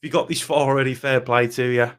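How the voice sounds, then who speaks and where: Angry young man, blunt and sweary, fan vlog rant, mid-pitched voice. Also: fairly even intonation, quick pace, fairly bright tone, clean tone. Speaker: football fan vlogger.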